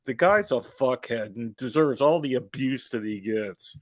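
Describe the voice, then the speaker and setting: A male co-host on a sports talk show cuts in with short, blunt, profane comments. His voice has a mid pitch and a dry sound with no room echo. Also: expressive, measured pace.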